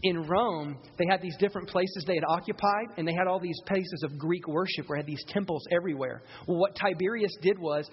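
A man's voice: high-pitched, a little hiss or hum. A male pastor preaching a live sermon to his congregation, asking them rhetorical questions. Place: church service. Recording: dull sound in a reverberant hall.

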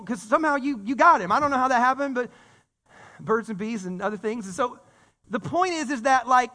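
A man preaching a casual, animated sermon, full of story and slang, with frequent repeated words. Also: very high-pitched. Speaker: pastor. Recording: long reverb of a church hall.

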